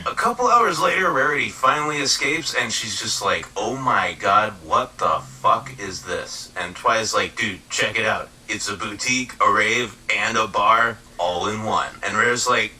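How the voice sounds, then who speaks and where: Male comic narrator, low-ish and deadpan, bright hard-edged tone, recorded from a bit off the mic. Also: measured pace, hardly any pauses, far from the mic, a little hiss or hum, poor audio. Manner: deadpan stoner slang, swearing, flat bro delivery for every character. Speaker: parody recap narrator. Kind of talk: comedic recap narration with voices.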